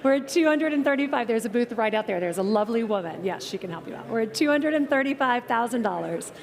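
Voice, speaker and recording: A woman auctioneer with a high, bright voice, calling bids in quick rhythmic patter. She jokes and teases the room between numbers. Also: expressive, vocal fry. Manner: brisk, playful patter with the bidders. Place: auction tent at an outdoor car show.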